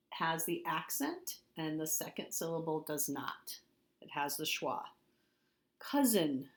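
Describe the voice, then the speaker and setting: Slow, patient woman teacher. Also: low voice. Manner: patient, slow, repeats and spells out words. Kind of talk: recorded classroom lesson.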